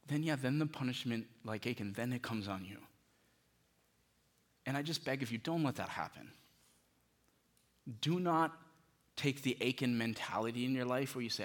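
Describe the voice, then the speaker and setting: A man preaching a sermon as pastor, pleading with his listeners and dropping from loud bursts to hushed tones. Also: mid-range voice, expressive, normal speed, pauses often.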